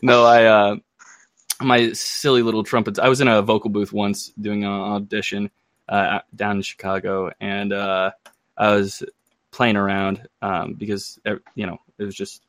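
A man's voice: on the low side, little pitch movement, a bit bright, no echo. Chatty American man, dry close sound. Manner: rambling, self-interrupting, quick to joke. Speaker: podcast co-host. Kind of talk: casual chat.

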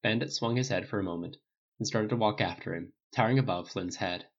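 A man's voice: brisk, highs cut off. A man narrating a novel aloud, lifting his voice slightly for each character's dialogue. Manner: reads all characters with small pitch lifts in dialogue. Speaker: audiobook narrator. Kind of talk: scripted narration.

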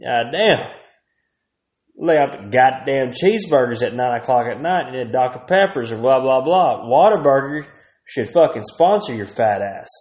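A man's voice: mid-range voice, animated, moderate pace, a little mellow, echoey room. A man, ranting crudely and rambling as a podcast host, laughing often. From Texas. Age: 30s. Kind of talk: profane comedic rant.

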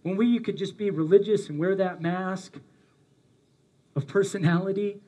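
A man's voice: high-pitched, normal speed, pauses often, dark tone, lo-fi sound. A male pastor preaching a sermon, earnest and emphatic, speaking directly to his congregation.

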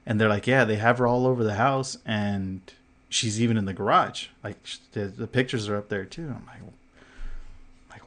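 Animated man telling a long story. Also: fairly low pitch, normal speed. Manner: animated storyteller, swears, laughs often; filler-heavy, acts out what others said. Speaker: podcast co-host. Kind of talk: casual storytelling chat.

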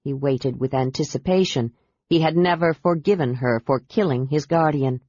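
A reader narrating a fantasy novel in a steady, even storytelling voice. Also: medium pitch, normal speed, no echo. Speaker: audiobook narrator. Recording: dull, dry audiobook sound.

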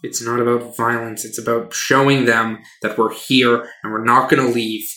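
A man voicing a defiant young male student rebel in a tabletop game, speaking flat and quietly determined. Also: medium pitch, moderate pace, lightly acted. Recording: roomy, from a distant mic.

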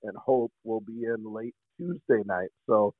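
A middle-aged man, a hockey coach, chatting casually as a guest and pausing often with fillers. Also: lowish voice, no room sound. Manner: halting, many fillers. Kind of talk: casual chat. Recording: tinny phone line.

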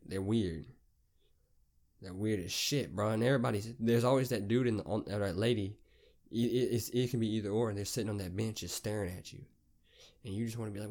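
A man's voice: on the low side, darkish tone. A young man with a Southern US accent, hosting a podcast and telling profane, rambling stories in a casual rant. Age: young adult. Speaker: podcast host.

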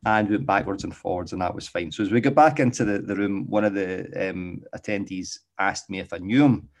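Middle-aged Glaswegian man with a low voice, easygoing rambling delivery, a dog trainer. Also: brisk. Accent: Glaswegian Scottish. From Scotland. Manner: rambling, often checks in with "okay?". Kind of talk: casual spoken monologue.

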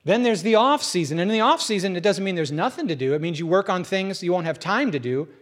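A middle-aged male pastor delivering a relaxed, conversational sermon with a somewhat high voice. He tells stories animatedly, jumping into acted-out voices. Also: quick pace. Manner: animated storyteller who acts out voices with big pitch jumps.

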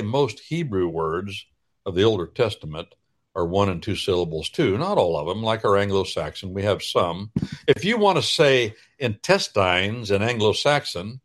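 A man hosting a radio talk show, explaining in a folksy, preacherly way with drawn-out pauses. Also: fairly low pitch. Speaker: radio host.

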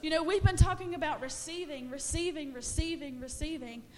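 A young woman delivers a sermon in a high, bright register. She preaches with passion, stacking short repeated phrases as she rises toward shouting. Her delivery is earnest and urgent. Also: fairly quick. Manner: impassioned, builds to shouted repetition.

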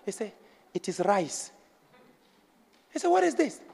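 A man preaching a passionate sermon as pastor, dropping low and quiet, then climbing to shouts. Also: big pitch swings, unhurried, creaky, breathy edge, long reverb tail. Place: church.

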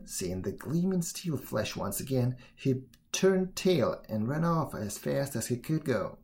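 Gravelly, expressive male storyteller. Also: mid-range voice. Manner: expressive, measured reading. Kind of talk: storybook narration.

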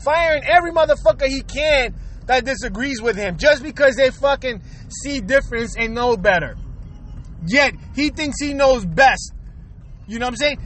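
A man's voice: very high-pitched, bright, forceful tone, rough recording. An angry man in a profane, streetwise political rant, cursing hard and talking straight to the viewer.

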